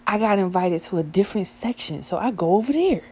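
A young adult woman telling a profane, animated story about a night out, acting out the dialogue as she goes. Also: medium pitch, brisk, breathy edge. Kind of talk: casual storytime monologue.

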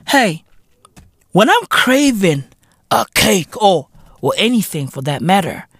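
A South African man hosting a podcast, delivering a profane, swaggering comedic rant that bursts into loud outcries. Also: sits high, breathy edge, dry recording, studio quality. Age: adult. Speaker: podcast host.

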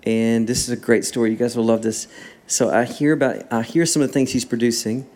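In a casual interview, a songwriter guest with a mid-range male voice speaks a bit quickly, spinning stories and animatedly performing the dialogue himself.

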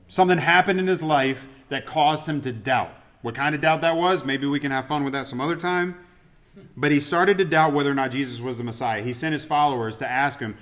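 A man's voice: on the high side, fairly bright tone. A man preaching a conversational sermon, with self-deprecating joking asides. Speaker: pastor.

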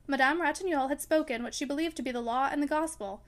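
A woman reading a classic novel aloud as an audiobook narrator, in a measured, even way. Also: sits high. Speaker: audiobook reader. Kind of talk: scripted narration.

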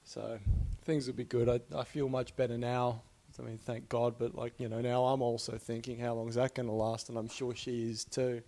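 A man's voice: mid-range voice, level tone, moderate pace, warm tone. A young man talking casually and openly about his life, swearing often and laughing between thoughts. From Australia. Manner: swears a lot, laughs often, rambling and candid. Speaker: podcast host. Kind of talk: casual personal monologue.

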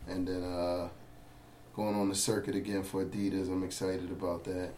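Male guest, very deep, upbeat, echoey room, faint noise. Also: level tone, normal speed, a little mellow. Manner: upbeat, hopeful, many "um"s. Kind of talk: casual chat.

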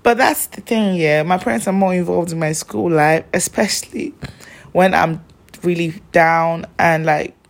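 Low gravelly young woman. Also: a little slow. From Nigeria. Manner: chatty, rambling, many fillers. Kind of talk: casual personal storytelling.

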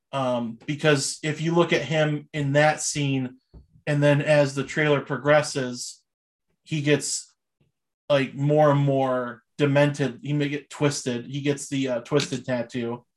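A young man chatting casually as a podcast host, rambling and enthusiastic with many fillers. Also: mid-range voice. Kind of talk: casual chat.

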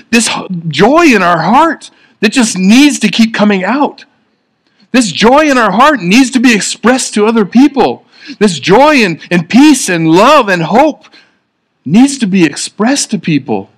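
Earnest man preaching a casual sermon. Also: high-pitched. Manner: earnest, conversational preaching with frequent restarts.

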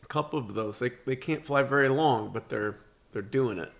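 A man chatting casually about aviation, speaking haltingly with many fillers. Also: medium pitch, creaky. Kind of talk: casual chat.

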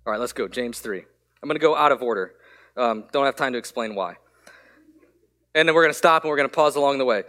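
A man pastor giving a sermon, telling a candid story with quick asides. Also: medium pitch, fairly bright tone.

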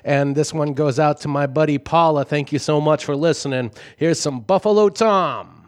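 A man's voice: a little high, moderate pace. A man with a Boston accent hosting a radio music show, talking between songs in an enthusiastic, jokey way. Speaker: radio host.

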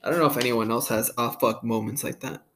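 Young male podcast host, casual and foul-mouthed, easygoing banter, middle-pitched voice, faint noise behind. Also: fairly even intonation, fast talker, a bit bright. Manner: profane, laid-back, says "dude" a lot, laughs often. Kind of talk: casual chat.

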